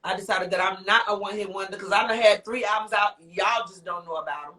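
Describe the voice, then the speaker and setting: A mid-range, sharp-toned woman's voice comes at a quick pace. She's a singer-author on a live interview, talking in an emotional, heartfelt, rambling way, with exclamations and repeated phrases.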